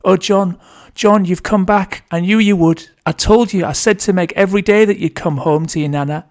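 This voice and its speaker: A man's voice: high voice, moderate pace, voice pushed up. A man voicing a crotchety, bossy old grandmother who barks orders at her family in a read-aloud story. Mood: overjoyed. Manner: barking, scolding.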